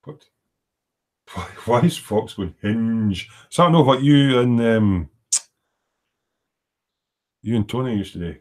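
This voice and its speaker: A man's voice: medium pitch, animated, slow, long pauses, darkish tone. A middle-aged man chatting casually and rambling as he hosts a livestream from his home workshop, reading out viewer comments as he works. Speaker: livestream host. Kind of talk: casual chat while working.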